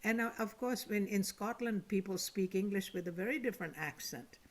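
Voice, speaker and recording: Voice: mid-range voice, a little fast. A participant in an online teachers' meeting, reflecting on accents in a hesitant, thoughtful way over a video call.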